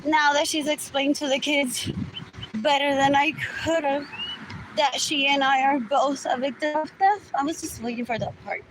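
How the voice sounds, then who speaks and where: A woman's voice: sits high, steady tone, moderate pace. A woman hosting a rambling solo livestream, musing aloud, repeating herself and switching between English and Spanish. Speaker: livestream host. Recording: loud background noise.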